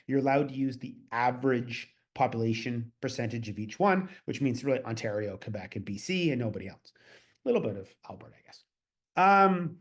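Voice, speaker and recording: A man's voice: medium pitch, darkish tone. A man from Canada presenting a webinar as a consultant, with a casual, chatty delivery full of fillers and asides.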